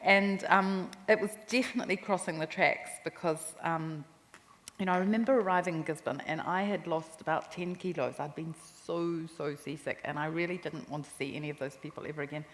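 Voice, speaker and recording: Live-event guest: a New Zealand woman in her sixties, low-pitched, telling animated anecdotes in an echoey hall. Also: brisk. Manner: lively, laughing anecdotes. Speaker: memoir author, interview guest. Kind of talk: storytelling in a live interview. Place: live talk venue with audience. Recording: echoey hall, faint background noise.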